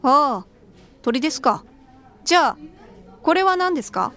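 A woman's voice: sits high, big pitch swings, quick pace, bright, forceful tone, full character voice. A woman voicing a young woman customer asking about dishes in a scripted lesson dialogue. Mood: curious. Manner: curious, questioning.

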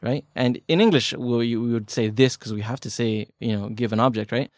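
Here a man with a mid-range, darkish voice speaks briskly and with fairly even intonation, joking and chatting as co-host of a casual language-learning podcast. He illustrates points with everyday examples. The recording is studio quality with no echo.

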